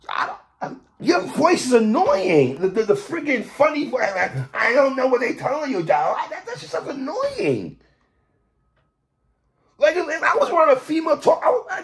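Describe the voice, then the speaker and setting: A man hosting a podcast, ranting in animated commentary, stammering, repeating himself and shouting for emphasis. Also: extremely high pitch. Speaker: podcast host.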